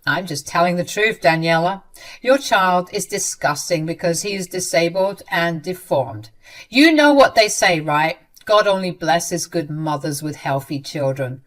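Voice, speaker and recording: A woman's voice: fairly low pitch, lively intonation, unhurried, a bit bright. A woman voicing a cruel, bitter sister-in-law who talks in a sneering, cutting way. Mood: scornful.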